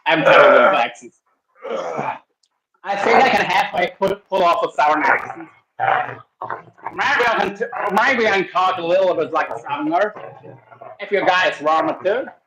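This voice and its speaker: A man's voice: sits high, animated, moderate pace, pauses often, highs cut off, noisy background. A man hosting a livestream, chatting casually and rambling while he cooks at home with his dog. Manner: rambling, restarts sentences. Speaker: livestream host. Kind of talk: casual chat while cooking. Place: home kitchen.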